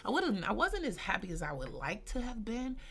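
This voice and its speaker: A woman's voice: mid-range voice, brisk, creaky, husky. A woman in her forties hosting a live stream, telling a personal story in a candid, slang-heavy, blunt way and talking straight to her listeners. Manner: animated, addresses listeners directly. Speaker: host.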